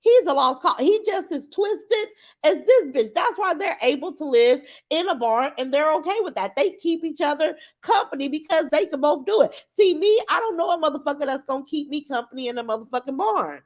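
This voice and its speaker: A woman's voice: high voice, animated, brisk, hardly any pauses. A middle-aged woman livestreaming, talking in a blunt, profane, mocking way with emphatic repetition. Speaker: live streamer. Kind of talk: unscripted livestream rant.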